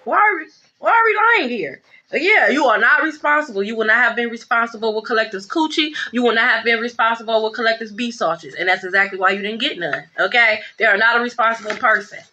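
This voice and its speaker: A high-voiced woman runs through a casual tarot reading. Her tone is bright and sharp, and her delivery is blunt, emphatic and full of profanity. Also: quick pace, dull audio. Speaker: tarot reader.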